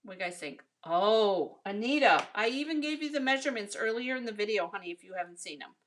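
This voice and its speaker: A woman's voice: medium pitch, animated, fast talker, fairly bright tone, a little hiss or hum. An American woman chatting casually with viewers as she demonstrates a card-making project, calling them "you guys" and "honey.". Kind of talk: casual craft tutorial.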